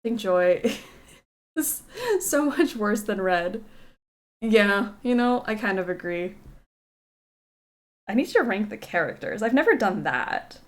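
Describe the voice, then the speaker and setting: A woman streamer raised in Kentucky and Texas chats with her viewers while she plays, excitable and quick to giggle. Her voice sits in an ordinary middle register, casual and animated with enthusiasm. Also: mid-range voice. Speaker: game streamer. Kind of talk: casual chat while playing a game.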